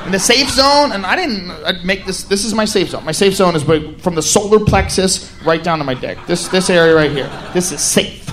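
A young man performing a crude stand-up routine on a handheld mic, lively and animated, breaking into loud shouts. His voice sits high for a man. Steady noise fills the live venue around him. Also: normal speed, few pauses. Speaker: stand-up comedian. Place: comedy stage before a live audience.

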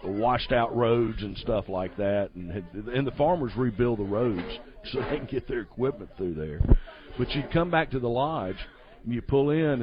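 A man tells a long story in an easygoing, rambling way, laughing as he goes. His voice is fairly low. The recording sounds dull and lo-fi. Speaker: guest. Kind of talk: casual storytelling. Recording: dull lo-fi audio.

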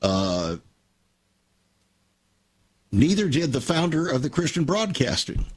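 A man's voice: fairly high pitch, big pitch swings, takes it slowly, breathy edge. An older man hosting a Christian radio talk show, telling stories earnestly and with emphasis.

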